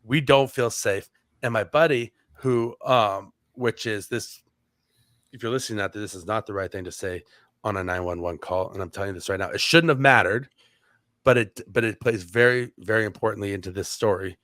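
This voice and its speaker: A podcast co-host tells a long story casually and ramblingly, full of "like" fillers and restarts. His voice is lowish, brisk and a bit bright, captured dry with studio quality.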